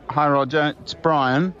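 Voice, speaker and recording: A man talks in a breezy, matey way, leaving a casual voice message full of fillers. His voice sits at an everyday pitch. The recording is slightly dull and lo-fi. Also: bright, forceful tone. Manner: chummy and breezy, saying mate a lot. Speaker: comedy podcast co-host. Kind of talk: improvised comic voice-message monologue.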